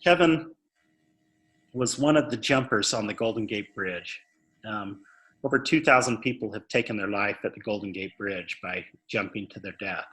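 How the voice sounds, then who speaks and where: A man's voice: lowish voice, moderate pace, fairly bright tone. A man speaking earnestly in an interview, telling a story and often repeating words as he stresses a point. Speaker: suicide prevention speaker.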